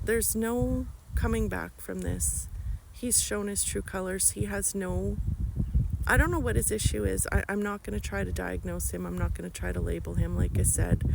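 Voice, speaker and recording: A woman's voice: lowish voice, creaky, heavy background noise. A woman talking in an emotional personal vlog, angry and blunt, swearing often. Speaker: vlogger.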